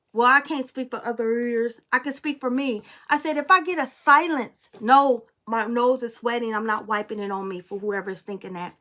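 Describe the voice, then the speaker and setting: A high-pitched woman talks casually as a tarot reader and medium. She is blunt and emphatic, and drops swear words freely. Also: normal speed, hardly any pauses, sharp tone. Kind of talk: casual spiritual storytelling and tarot reading.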